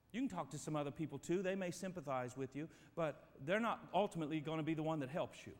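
A man preaching a sermon as pastor, emphatic and swinging between loud and quiet passages, speaking to his church. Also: fairly high pitch, quick pace, hardly any pauses. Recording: long reverb of a church hall.

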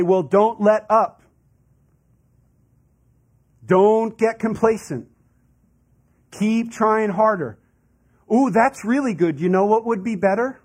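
A man's voice: fairly high pitch, a little mellow, breathy edge. A man preaching a sermon as a pastor in a conversational way, with asides and laughs.

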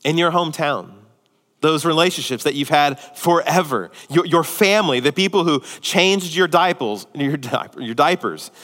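A man preaching a sermon as pastor, animated and acting out the voices of the people he quotes. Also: on the high side, moderate pace, long reverb tail.

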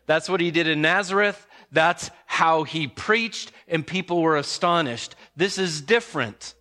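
A man preaching a sermon in an emphatic way, slowing and speeding up to stress points. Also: a little high, bright, forceful tone. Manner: emphatic, varies pace for emphasis. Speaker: pastor.

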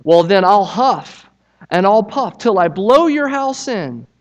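A man voicing a hungry, cross big bad wolf from a storybook, shouting his threats loudly with a raised voice. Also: very high-pitched, big pitch swings, moderate pace, muffled recording, voice pushed up.

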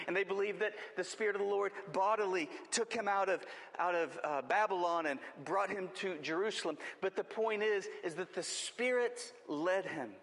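A man's voice: sits high, normal speed, few pauses, fairly bright tone, long reverb tail. A man preaching a sermon as pastor, with impassioned, rising emphasis.

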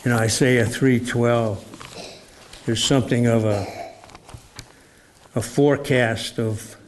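Slow, measured male preacher. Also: medium pitch, steady tone, a little hiss or hum. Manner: slow, measured, reflective with rhetorical questions. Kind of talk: sermon.

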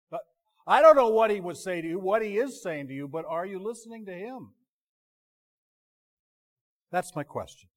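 A man preaching in a notably high, bright-sounding voice. He talks to the congregation like a friend, stumbling over restarts and pulling his voice down low when he wants a point to land. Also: animated, moderate pace. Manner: conversational, self-interrupting, drops to quiet emphasis. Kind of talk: sermon.

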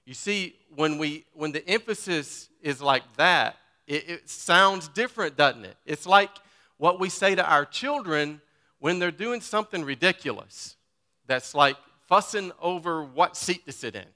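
A man preaching a sermon as pastor, first reading scripture, then talking casually with filler words and building to emphatic, forceful points. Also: a little high, lively intonation, a little slow, in a large hall. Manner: reads scripture, then talks informally and grows emphatic.

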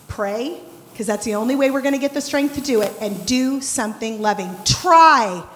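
A woman preaching a sermon in a church, expressive, moving between loud lively passages and hushed prayerful ones. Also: sits high. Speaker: church speaker. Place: church sanctuary. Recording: long hall reverb.

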